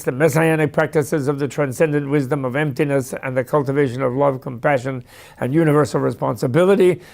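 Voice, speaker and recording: A man's voice: on the high side, a little mellow. A man lecturing in a discursive, anecdotal way, with asides and small stories. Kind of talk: storytelling lecture.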